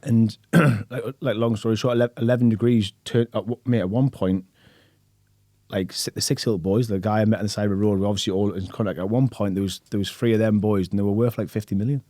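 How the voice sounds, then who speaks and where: A man talks at a rapid clip in a low, dark voice. He spins stories casually on a podcast, acting out the voices of the people in them. The sound is close and dry. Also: no room sound. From England. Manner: animated storyteller, acts out other people's lines, swears casually. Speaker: guest.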